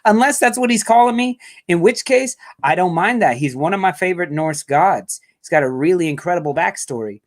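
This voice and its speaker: A man's voice: high-pitched, animated, brisk, hardly any pauses. Chatty joking man hosting a stream. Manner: talks nonstop, joking and rambling. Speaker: host of a fan show. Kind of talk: casual live-stream chat. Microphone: video call.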